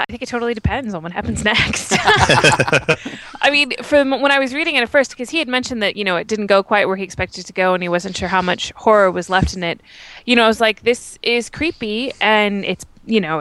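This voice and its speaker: A woman in her thirties co-hosts a podcast, talking casually and thinking out loud with plenty of fillers. Her voice is mid-pitched and sounds close and dry, with no room around it. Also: brisk, clean tone, no room sound, poor audio. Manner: chatty, thinking aloud with fillers. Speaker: podcast co-host. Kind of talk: casual chat.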